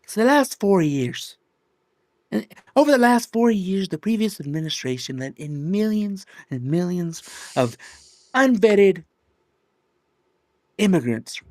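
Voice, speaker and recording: A man's voice: high voice, big pitch swings, unhurried, long pauses, darkish tone, no echo. A man co-hosting a podcast, chatting casually and laughing often as he restarts sentences. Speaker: podcast co-host. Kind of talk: casual political chat.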